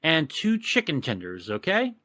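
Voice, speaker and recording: A man from Texas, telling a profane, animated rant on a casual podcast. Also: a little high, moderate pace, no room sound. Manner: profane, animated ranting storyteller. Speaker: podcast co-host.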